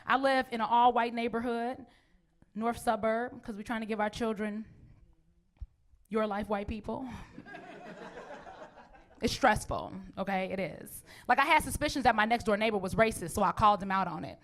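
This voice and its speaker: A woman's voice: on the high side, normal speed, pauses often. A woman in her forties performing a brash, profane stand-up comedy routine with a punchy delivery. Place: comedy stage.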